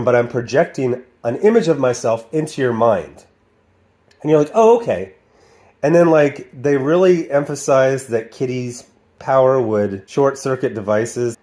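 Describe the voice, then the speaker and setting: A man in his forties from the American Midwest talks through a video review in a relaxed, conversational way. His tone is dry and sarcastic. Now and then he breaks into over-the-top voices to mock what he quotes. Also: medium pitch. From Midwestern United States. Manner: sarcastic, slips into exaggerated cartoon voices when quoting. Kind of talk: casual video commentary.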